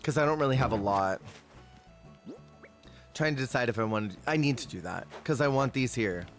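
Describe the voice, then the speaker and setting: A man chats casually with his stream audience while he plays, swinging between stories and quick laughs. His voice sits in a middle register, and soft music runs faintly underneath. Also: medium pitch, expressive. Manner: chatty, storytelling, quick laughs. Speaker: Twitch streamer. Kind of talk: casual gameplay chat with viewers.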